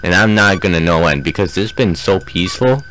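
A man's voice: deep voice, expressive, brisk, fairly bright tone, slight background noise. A young man commenting on a horror game as he plays, joking and taunting the enemies on screen. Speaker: gameplay commentator. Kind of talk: let's play commentary.

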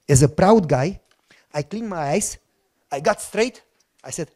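A man preaching a personal testimony in a language that is not his first. He acts out prayers with strong emotion in a slightly high voice. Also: lively intonation, slow, pauses often, dark tone. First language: not English. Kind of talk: sermon testimony storytelling.

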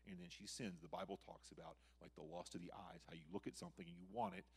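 A man with a very low, husky voice delivering a sermon. He talks in a loose, conversational way, restarting sentences and swinging between loud emphasis and quiet, reflective stretches. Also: flat delivery, fast. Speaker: missionary preacher.

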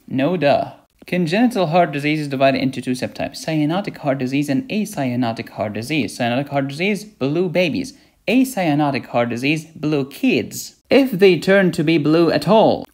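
A man giving a playful medical lecture, asking questions and answering them himself. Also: a little high. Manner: playful, asks and answers his own questions.

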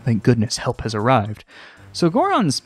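A man's voice: huge pitch swings, moderate pace, breathy edge, faint music behind. Rambling self-mocking gaming commentator man. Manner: rambling, self-mocking, jumps into high sing-song voice. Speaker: let's play host. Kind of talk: casual gameplay commentary. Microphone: desk microphone.

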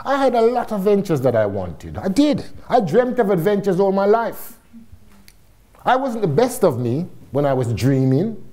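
Animated, lively-pitched man from Jamaica. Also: normal speed. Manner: animated and laughing, with casual swearing. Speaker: guest speaker. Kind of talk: storytelling talk to a live audience.

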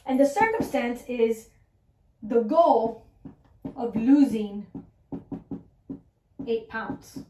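A woman coaching her listeners on mindset, talking in an animated way and asking "right?" again and again. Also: on the high side, extremely slow, pauses often, echoey room, background noise. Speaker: mindset and weight-loss coach. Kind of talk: motivational talk to listeners.

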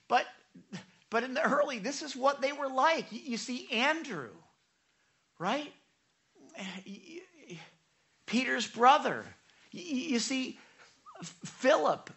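A male pastor preaching with a bright, forward voice. He stammers and repeats words as he tells stories, slipping into quick casual impressions of the people he describes. It sounds like a live church sermon. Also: high-pitched. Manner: stammering, animated storytelling with voiced paraphrases. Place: church sanctuary.

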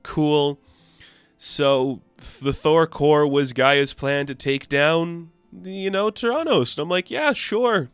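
A man's voice: on the high side, slow pace, clear, resonant tone, no room sound, soft background music. A man casually recapping a comic book, chatty and enthusiastic. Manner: chatty, enthusiastic, acts out quotes.

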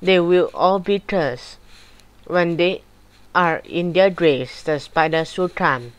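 Woman reader doing an old cursed corpse man in a spooky storybook: slow, low, grave. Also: smooth. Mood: grim, mournful. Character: cursed old male corpse full of spiders.

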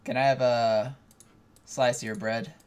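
A man's voice: mid-range voice, flat delivery, measured pace, a little mellow, clean tone. A man hosting a co-op gameplay video, chatting casually and laughing often. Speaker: let's play host.

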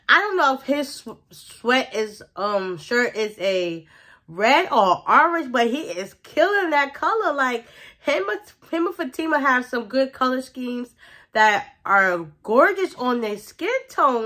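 A woman vlogger recapping a TV episode in a casual, gossipy way, full of "like" and quick laughs. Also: high-pitched, lively intonation, fairly bright tone. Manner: chatty, gossipy retelling with frequent "like" and laughter.

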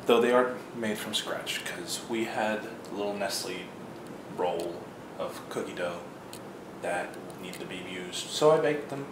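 A man's voice: sits low, a little slow. Rambling young man vlogging over noise. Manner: rambling, chatty and self-mocking. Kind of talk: casual daily vlog. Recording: noisy background ambience.

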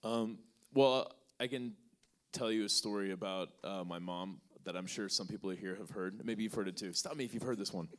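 Speaking at a moderate pace in a fairly low register, this podcast host fields a question from a live audience. His relaxed storytelling is packed with fillers as he voices both people in the exchange he recounts.

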